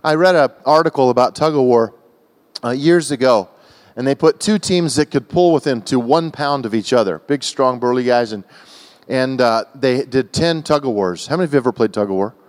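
An American man preaching a sermon to a church, telling a personal story in an emotional, animated way with frequent restarts. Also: mid-range voice, a little fast. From United States. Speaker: guest preacher. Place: large church hall. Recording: long church-hall reverb.

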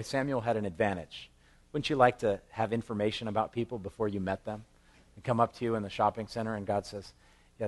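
A man preaching verse by verse through a Bible passage in a relaxed, conversational way, breaking into animated voices for the people he quotes and chuckling at his own asides. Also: medium pitch. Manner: quotes scripture with lively acted voices. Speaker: pastor. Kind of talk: expository Bible teaching.

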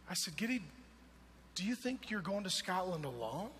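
A man in his forties preaching a sermon, emphatic and swinging from loud calls to hushed storytelling. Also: high voice, big pitch swings, moderate pace, long reverb tail, slight background noise. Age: 40s.

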